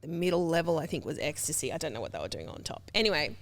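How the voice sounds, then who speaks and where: Aussie woman in her 30s, podcast guest, chatty, animated storyteller. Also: fast talker. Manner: animated storyteller, jumps to high pitch for quoted voices. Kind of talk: casual chat.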